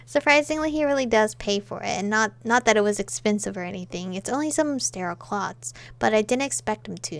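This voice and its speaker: A woman reading a romance visual novel aloud, breaking in with chatty joking asides to herself. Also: medium pitch. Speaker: game playthrough reader.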